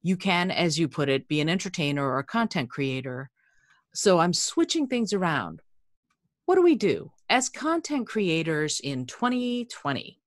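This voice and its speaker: A woman's voice: lowish voice, very animated, no room sound, studio quality. A woman hosting an interview podcast, talking in a reflective, casual way and repeating key points for emphasis. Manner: reflective, emphatic repetition, builds questions slowly. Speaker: podcast host.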